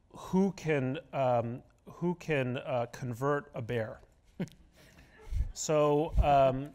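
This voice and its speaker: A middle-aged guest columnist is interviewed onstage in an auditorium before an audience. His voice is mid-range with a darkish tone, and he argues emphatically and tells stories with relish.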